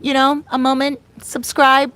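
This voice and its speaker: A woman with a somewhat high voice chats on a casual livestream, effusive and affectionate with her viewers. She reads their comments aloud and talks to them directly. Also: flat delivery, measured pace, a bit bright. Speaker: livestream host and life coach. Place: outdoors in the Dominican Republic.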